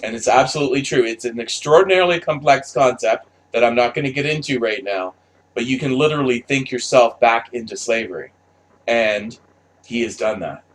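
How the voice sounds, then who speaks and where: A male commentator with a mid-range voice delivers an unscripted, blunt monologue at a fairly quick pace. He swears a lot and rambles, restarting frequently.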